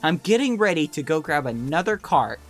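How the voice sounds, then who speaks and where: A man spinning a casual story for friends, animated and fairly high-pitched, peppering his speech with "like" and "you know". Faint music plays behind him. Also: moderate pace. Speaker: YouTuber telling a story.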